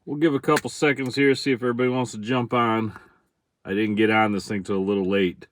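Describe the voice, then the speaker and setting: A man's voice: on the low side, fast, a little hiss or hum. A middle-aged man from central Michigan with a Michigan accent, chatting casually on a livestream about his fishing charters. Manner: relaxed, chatty, greets viewers by name, chuckles often.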